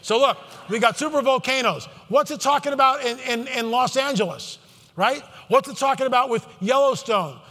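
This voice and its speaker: Man, fervent conference speaker, emphatic, high voice, long hall reverb. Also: moderate pace, sharp tone. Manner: fervent, emphatic, with many asides and restarts. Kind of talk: impassioned stage talk.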